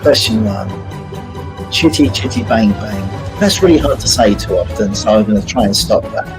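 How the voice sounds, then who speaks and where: A man's voice: lowish voice, sing-song, brisk, music in the background, poor audio. A man hosting a live-streamed multiple-choice quiz, chatty and jokey, greeting viewers by name as he reads out the questions. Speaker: quiz host.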